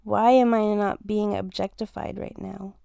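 A woman's voice: mid-range voice, steady tone, a little slow, gravelly, warm tone, dry recording. A young woman in a casual romantic role-play, teasing and playful, laughing often and swearing easily as she talks to her partner. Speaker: fiancée in a listener role-play.

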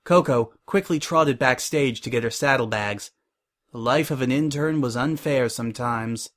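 Guy reading a pony story out loud, even steady voice, mid pitch. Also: moderate pace. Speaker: reader. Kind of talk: storybook narration.

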